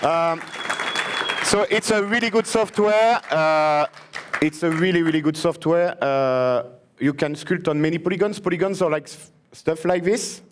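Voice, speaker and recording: A man's voice: a little high, a little slow, a faint crowd, slight background noise. A young man from France speaking English with a French accent, presenting on a conference stage in a joking, enthusiastic way. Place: conference stage before a live audience.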